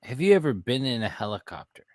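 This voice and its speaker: A man's voice: mid-range voice, sing-song, fast, dry recording, clean studio sound. A man co-hosting a podcast, telling stories in a laid-back casual chat. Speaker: podcast co-host.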